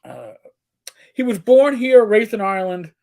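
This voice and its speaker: His voice sits high, creaky yet mellow, very animated but unhurried, as this middle-aged co-host tells crude, jokey stories in casual chat and sometimes drops into put-on voices.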